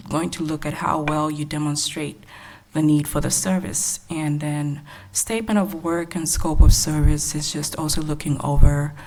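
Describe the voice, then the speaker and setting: Low, gravelly-voiced woman presenting. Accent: Texan. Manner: soft-spoken and measured, with frequent fillers. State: short of breath. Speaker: grants evaluation staff presenter. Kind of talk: presenting at a public workshop.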